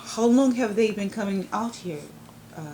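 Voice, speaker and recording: A woman's voice: medium pitch, warm tone, a little hiss or hum, poor audio. Supportive woman backing up an interviewee. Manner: supportive, affirming, brisk. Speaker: visiting advocate asking questions. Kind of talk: casual interview. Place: home bedroom.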